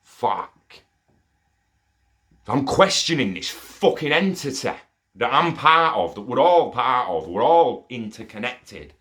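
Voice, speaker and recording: A man's voice: mid-range voice, takes it slowly. A young man telling a rambling personal story in a casual monologue, swearing often. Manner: profane, rambling and excitable. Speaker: storyteller sharing an experience.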